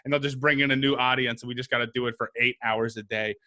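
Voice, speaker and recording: A man's voice: medium pitch, fairly even intonation, fast, sharp tone. A man, a comedian guest on a podcast, riffing on absurd scenarios with casual swearing. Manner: riffs with absurd scenarios, swears, says "you know what I mean".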